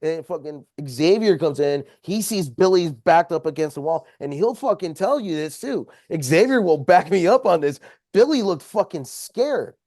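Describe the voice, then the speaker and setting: A slightly high, animated male voice at normal speed, a little mellow, comes through dry and close on a podcast mic. The guest tells a casual story, profanely and heatedly recounting a confrontation.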